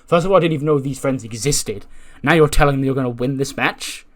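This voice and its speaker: A man voicing a cocky, overbearing female wrestler who talks down to her partner in a loud, teasing way. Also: medium pitch, fast talker, close to an everyday voice. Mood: bossy, condescending.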